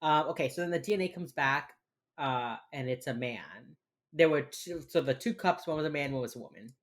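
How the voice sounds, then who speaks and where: Low-voiced woman rambling casually. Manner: rambling, filler-heavy, with quick mocking impressions. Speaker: podcast co-host. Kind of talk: casual podcast chat recapping a TV episode.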